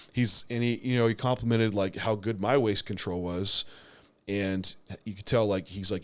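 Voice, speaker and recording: Speaking at a normal speed in a lowish voice, this young podcast co-host talks loosely about his bodybuilding competition, full of filler words and false starts.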